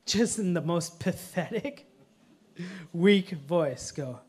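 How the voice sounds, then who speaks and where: A man preaching a sermon in a conversational way, mixing humorous family stories with earnest teaching and swinging from hushed lines to loud ones. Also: high-pitched, expressive, slow pace, breathy edge. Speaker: pastor.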